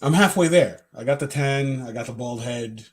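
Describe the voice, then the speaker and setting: A man's voice: mid-range voice, moderate pace, darkish tone. A man on a live stream dropping dry jokes and asides into the casual chat.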